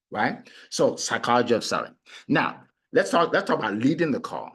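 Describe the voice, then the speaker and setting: A middle-aged man coaching on sales, talking in an animated way and acting out his prospects. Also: mid-range voice, moderate pace, breathy edge. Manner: animated, acts out clients and prospects in quoted voices. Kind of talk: motivational sales talk.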